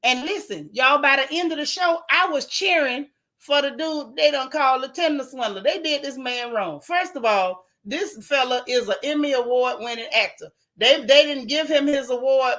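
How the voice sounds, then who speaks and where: A woman hosting a casual gossip show, telling stories to her live viewers in an animated, joking, folksy way. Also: high voice, normal speed. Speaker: show host.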